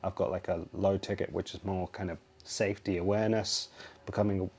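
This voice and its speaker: A man who is a guest expert on a podcast, explaining in a steady way. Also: sits low, fairly quick. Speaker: guest, screen-time expert. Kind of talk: casual podcast conversation.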